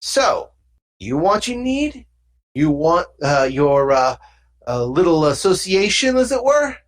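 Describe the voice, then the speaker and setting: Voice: medium pitch, very animated, slow, voice pushed up. A game master voicing a pushy alien mobster thug. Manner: streetwise slang, pushy, rambling.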